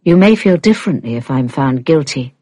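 A woman reading an audiobook, playing a troubled adult man in a low, subdued, measured voice. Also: lively intonation, dark tone, dry recording, studio quality.

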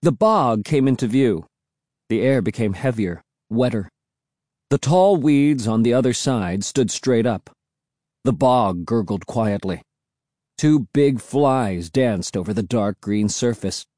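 Male narrator for a children's spooky novel; mellow, animated reading, voices dialogue with pitch shifts. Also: takes it slowly, no room sound, studio quality. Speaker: audiobook narrator.

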